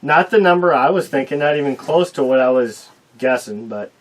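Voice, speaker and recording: Man, mid-pitched, co-hosting a casual talk show; animated, tells stories. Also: fairly quick, poor audio. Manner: animated storyteller. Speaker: co-host. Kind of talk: casual chat.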